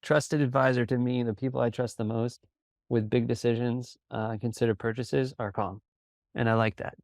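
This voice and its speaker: A man who coaches in sales, a guest on a podcast, talking calmly and steadily as he tells stories. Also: medium pitch, creaky, dry recording, studio quality. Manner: calm, even delivery with quick bursts of storytelling. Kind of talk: conversational interview.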